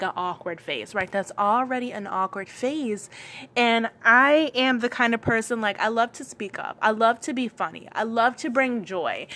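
A woman's voice: a little high, bright, forceful tone. Young woman, light Geechee lilt, chatty storyteller, loose fillers, repeats herself for effect. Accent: light Gullah Geechee, Lowcountry South Carolina. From Charleston, South Carolina. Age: young adult. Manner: chatty, many fillers, repeats lines for emphasis. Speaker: business owner telling her story. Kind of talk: casual personal storytelling.

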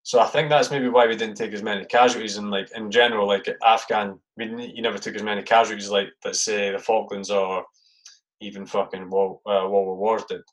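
Slightly low voiced guy hosting a chat, rambly, says like a lot, swears. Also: little pitch movement, a little fast, poor audio. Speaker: podcast host, ex-soldier. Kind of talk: casual interview chat.

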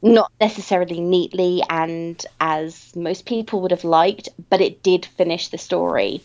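Woman with a lowish voice, reflective. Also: fairly even intonation, darkish tone, highs cut off. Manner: measured, reflective, drawn-out phrasing. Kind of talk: casual book chat.

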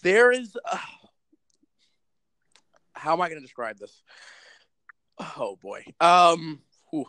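A man recapping a movie in casual chat, animated and sarcastic, with lots of swearing. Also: on the high side, takes it slowly, pauses often, no room sound, poor audio. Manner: animated, profane storytelling with sarcastic asides. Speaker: movie reviewer.

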